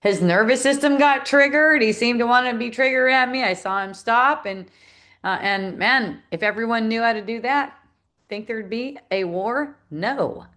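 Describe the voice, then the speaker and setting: A woman's voice: a little high, moderate pace, a bit bright. A middle-aged woman teaching in a reflective spiritual talk, laughing often and acting out the voices she quotes.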